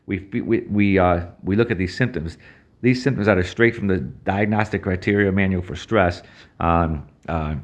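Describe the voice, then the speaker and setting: A man presenting and demonstrating an app in a halting, casual walkthrough with many fillers and restarts. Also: on the low side. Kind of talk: screen-share app walkthrough.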